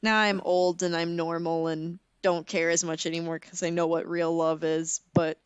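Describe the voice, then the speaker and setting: A young woman co-hosts a podcast in relaxed, casual conversation. She tells her stories with animated, dramatic flair and laughs often. Her voice is smooth and resonant, recorded dry and close. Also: on the low side, moderate pace, no echo. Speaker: podcast co-host. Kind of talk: casual chat.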